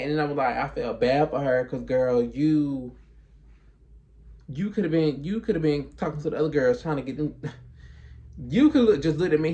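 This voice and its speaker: Man, higher pitch, gravelly edge; sassy casual storyteller who acts out both sides of talks. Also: a little mellow, dull audio.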